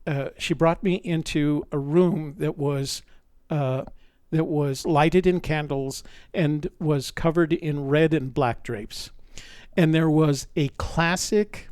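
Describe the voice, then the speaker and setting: A man's voice: fairly high pitch, dry recording, clean studio sound. Man telling a rambling personal story. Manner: rambling, with frequent restarts and asides.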